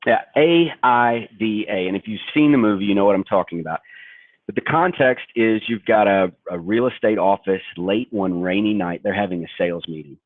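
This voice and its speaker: A man's voice: on the low side, brisk, no room sound. A man from Kentucky presenting a sales training webinar in an emphatic, direct coaching tone. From Kentucky, USA. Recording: tinny phone-like webinar audio, dry.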